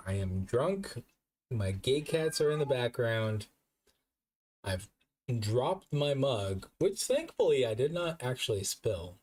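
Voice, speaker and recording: A drunk male VTuber keeps hiccuping through a casual stream chat. He drawls slowly at a middling pitch, swearing often and mocking himself as he rambles. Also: lively intonation, a little mellow, slight background noise. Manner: rambling, profane, self-mocking.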